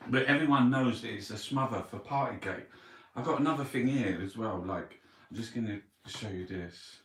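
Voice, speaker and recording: A man's voice: mid-range voice, lively intonation, moderate pace, slight background noise. A man hosting a casual newspaper review, blunt, mocking and full of swearing. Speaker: online show host. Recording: roomy, from a distance.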